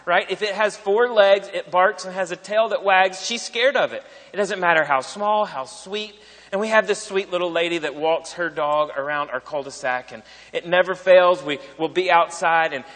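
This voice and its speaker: Bright-voiced preacher in an echoing hall. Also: male voice, on the high side, moderate pace. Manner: conversational preaching, repeats phrases and tags lines with "right?". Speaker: pastor. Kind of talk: sermon.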